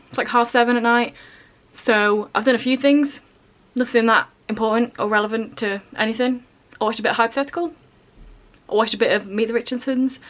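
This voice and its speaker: A young woman talks to her camera from home in a relaxed vlog style. Her voice sits a little high, and she undercuts her own plans with deadpan, self-mocking jokes. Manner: dry, self-mocking humour. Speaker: vlogger. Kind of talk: casual vlog chat. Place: at home, indoors.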